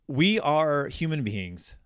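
A middle-aged man co-hosting a podcast in casual chat, animated and rambling with many restarts. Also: a little high, slow, smooth, no echo, studio quality. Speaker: podcast co-host.

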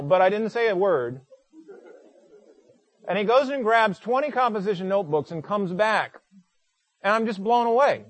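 High-voiced male pastor preaching, dry sound. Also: no room sound. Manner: storytelling, emphatic, with frequent stammered restarts. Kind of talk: sermon.

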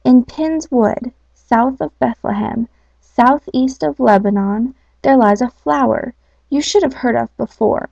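A woman voicing a tiny, drowsy male bee in a storybook reading, speaking slowly in a small voice. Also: a little high, gravelly, mellow, no room sound. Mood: informative. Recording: dull lo-fi.

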